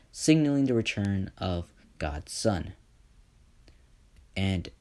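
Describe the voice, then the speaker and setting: Male storyteller, casual improvised narration, low voice, very slow, rambling with fillers. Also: dark tone. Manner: rambling, leans on "just", self-corrects.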